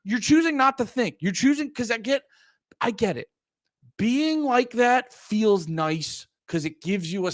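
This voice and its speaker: In casual livestream talk, a Pennsylvania comedian rants to his chat, cursing and rambling with some heat. He speaks in a high voice, captured as clean studio sound without echo.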